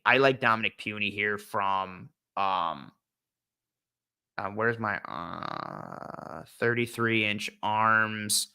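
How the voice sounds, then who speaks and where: A young man hosts a loose football draft chat, thinking aloud with plenty of ums and restarts. His voice is lowish and strikingly bright. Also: clean tone. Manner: rambling, lots of fillers and restarts, hums to himself while thinking. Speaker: podcast host. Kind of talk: casual draft-analysis chat.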